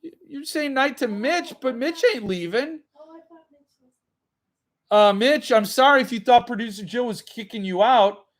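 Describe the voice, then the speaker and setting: A man's voice: extremely high pitch, measured pace, long pauses. A man hosting a book channel, chatting loosely on a livestream from a room at home, rambling and reading viewer comments aloud. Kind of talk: casual livestream chat.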